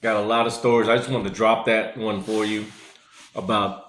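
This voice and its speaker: A man's voice: fairly low pitch, fairly even intonation, moderate pace, a bit bright. A man casually telling a personal story in a rambling, conversational way, full of fillers. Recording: echoey room.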